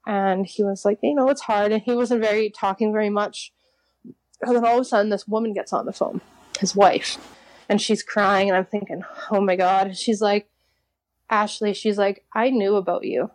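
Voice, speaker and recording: A woman's voice: medium pitch, steady tone, normal speed, darkish tone. Chatty young woman telling a story. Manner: chatty, laughs often, leans on "like". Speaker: interview guest. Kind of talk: personal storytelling.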